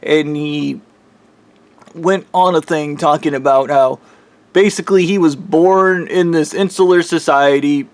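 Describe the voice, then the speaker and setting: A man's voice: fairly high pitch, fairly even intonation, unhurried, no room sound. A man casually recounting a dream in a rambling monologue, swearing heavily and sounding frustrated.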